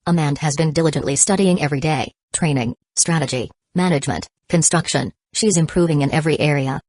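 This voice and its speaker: A woman's voice: low voice, a little fast, darkish tone, dry recording. A woman reading the lines of an eager, earnest younger brother reporting to his older sibling.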